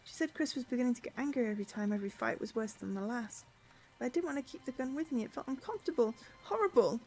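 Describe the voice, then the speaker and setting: A woman reading game dialogue aloud, voicing a guilty, hopeless young man who speaks in a shaky, halting, pleading way. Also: a little high, expressive, darkish tone. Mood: confessing.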